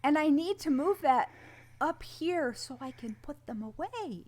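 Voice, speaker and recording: A woman's voice: high-pitched, expressive, unhurried, a little mellow. A woman co-hosting a podcast in casual, rambling chat, joking about herself. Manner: rambling, self-deprecating, joking. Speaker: podcast co-host.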